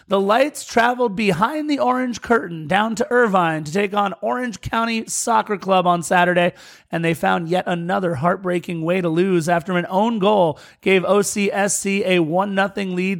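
High-voiced man recapping soccer results. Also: creaky. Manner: quick, jokey recap delivery. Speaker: podcast co-host. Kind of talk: casual sports podcast chat.

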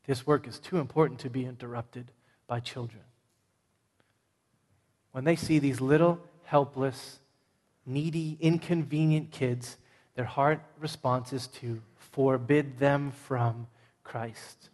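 A man preaching a sermon as pastor, emphatic, swinging from loud points to hushed ones. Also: medium pitch, steady tone, slow. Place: large church sanctuary. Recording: long reverb of a large church hall.

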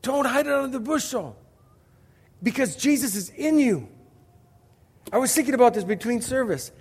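High-pitched pastor guy preaching, punchy and storytelling, big echoey sanctuary. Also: lively intonation, moderate pace, breathy edge. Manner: emphatic, storytelling, rhetorical questions. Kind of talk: sermon.

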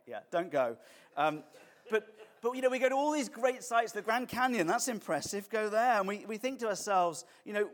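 A man preaching a conversational sermon as pastor, mixing jokes and acted quotes. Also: high-pitched.

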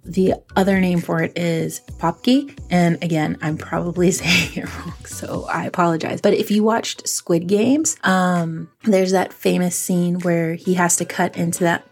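A woman podcast host talks in a relaxed, chatty way, tossing in ums and poking fun at herself. Her voice sits low and rough, with a gravelly, breathy edge and faint music underneath. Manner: chatty, self-deprecating, many ums. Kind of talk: casual podcast narration.

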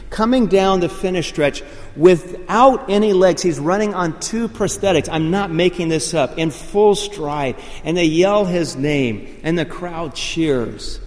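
Man, preaching a sermon, slightly high voice, long reverb of a big hall. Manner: storytelling preacher, builds to loud excited proclamations. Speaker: pastor.

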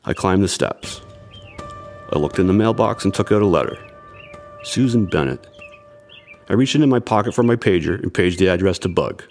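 An actor playing a young amateur detective who narrates his own story in an audio drama, telling it in a measured, tense way. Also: low voice, expressive, a little mellow, faint music behind. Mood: tense narration.

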